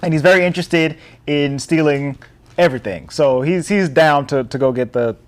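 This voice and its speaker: A man's voice: fairly high pitch, normal speed. A man co-hosting a podcast, casually recapping a film with lots of fillers, restarts and laughs. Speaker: podcast co-host. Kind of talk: casual chat.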